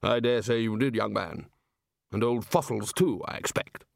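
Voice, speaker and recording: A man voicing a smug, dismissive male wizard lecturer who speaks slowly. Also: fairly low pitch, gravelly, no room sound, studio quality.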